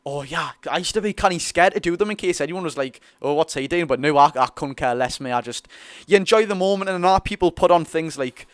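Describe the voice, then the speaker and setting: During a live football watch-along, a young Geordie football fan streamer from North East England chats casually with viewers and reads their comments out loud. His voice is fairly high and fairly quick, excitable in manner, with no room sound.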